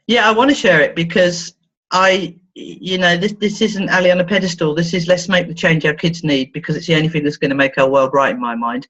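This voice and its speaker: This woman talks fairly quickly in a slightly bright voice, a therapist being interviewed who tells stories with playful animation. When quoting others, she acts out their voices with large swings in pitch, captured in dull, lo-fi sound.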